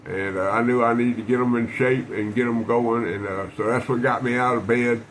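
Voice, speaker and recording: A man, his voice sitting at an ordinary middle pitch for a man, talks casually to camera with faint room ambience underneath. He tells things in a folksy, rambling way, looping back on himself with restarts and fillers. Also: fairly even intonation, normal speed, slight background noise, poor audio. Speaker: knife collector vlogger.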